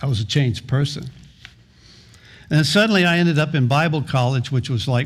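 A man's voice: medium pitch, fairly even intonation, moderate pace. A middle-aged man preaching a sermon as pastor, earnest, often repeating words and restarting phrases, sometimes half-singing lines of a hymn.

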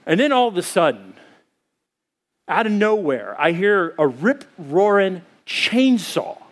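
High-voiced animated pastor, man. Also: takes it slowly. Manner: animated storyteller, acts out his own screams. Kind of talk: sermon with personal story.

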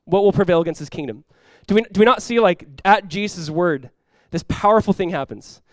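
A male pastor preaching a sermon with lots of energy, acting out quoted voices with big jumps in pitch and volume. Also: animated, brisk, few pauses, no room sound.

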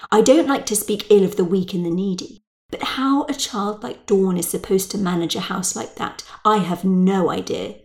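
A woman's voice: medium pitch, moderate pace, close to an everyday voice. A woman doing a whiny, snobbish mother. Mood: complaining. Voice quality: whiny, plaintive, grumbling. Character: self-pitying, snobbish middle-aged mother.

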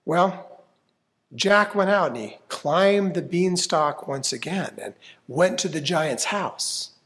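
A man's voice: high-pitched, a bit bright. A man reading a fairy tale aloud expressively, inviting listeners to join in. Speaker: storyteller. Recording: long hall reverb.

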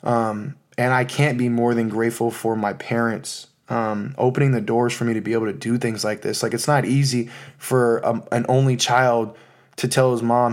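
An American man in his thirties talks alone on his podcast in a casual, rambling way. His voice sits at an ordinary middle pitch, and his talk is full of fillers and heartfelt thanks. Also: steady tone, normal speed. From United States. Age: 30s. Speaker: podcast host. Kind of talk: casual solo podcast monologue.

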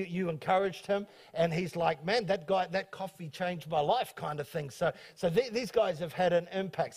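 A man pastor hosting a church talk from the stage, speaking quickly and excitably with many stumbling restarts. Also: high voice. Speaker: pastor and host. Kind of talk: church talk introducing guests.

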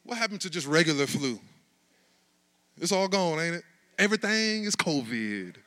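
A man preaching a sermon in a high, bright, ringing voice. He moves from soft, conversational asides to shouted, climbing lines. He talks to his congregation in a loose, casual way. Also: sing-song, moderate pace. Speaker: pastor.

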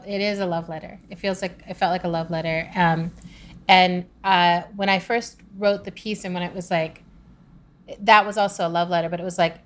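A woman guest in a casual interview, animated, acting out her own thoughts as she tells stories. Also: mid-range voice. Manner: animated, laughing storyteller, acts out own thoughts. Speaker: guest author.

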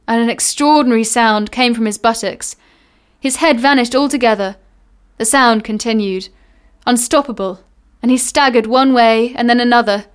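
Woman narrator, audiobook reading, measured and unhurried, smooth clear tone, slightly high voice. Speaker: reader.

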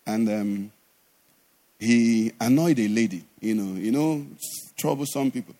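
A middle-aged man preaching a sermon as pastor, animated, with sudden drops to a low conversational voice. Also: measured pace.

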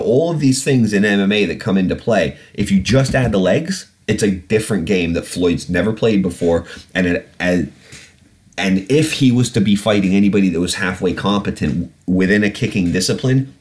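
A man hosting a podcast, ranting bluntly and swearing often, with plenty of ums and restarts. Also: deep voice. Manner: blunt, sweary, animated ranting with frequent fillers. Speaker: podcast host. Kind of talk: casual solo podcast rant.

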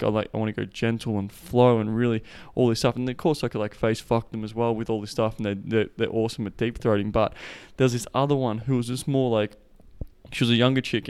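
A man's voice: mid-range voice, darkish tone, clean tone, no room sound. A man hosting a podcast, telling crude stories in a profane, rambling way while slightly out of breath from walking. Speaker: podcast host. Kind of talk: casual monologue.

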